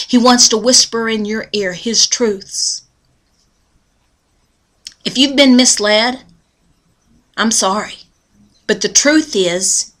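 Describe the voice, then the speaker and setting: A woman's voice: mid-range voice, pushed and bright. A woman giving a devotional talk that mixes folksy storytelling with earnest preaching. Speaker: devotional speaker.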